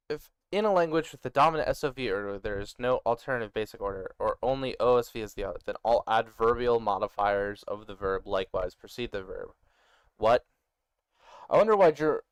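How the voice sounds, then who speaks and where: A man building a made-up language, thinking aloud as he works and reading notes aloud in quick bursts, muttering and poking fun at himself. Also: medium pitch, clear, resonant tone, no room sound, studio quality. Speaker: worldbuilder designing a conlang. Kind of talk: thinking aloud while working on screen.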